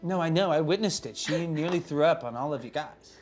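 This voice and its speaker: A game master doing a flustered young woman managing an event, rambling and apologetic in loose casual slang. The voice sits at a middling pitch, with faint music behind. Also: fairly quick, a little mellow, natural voice.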